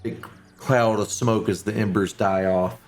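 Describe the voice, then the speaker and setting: A man's voice: on the low side, fairly even intonation, measured pace, soft background music. A man narrating a tabletop game as game master, loose and self-mocking, with many fillers.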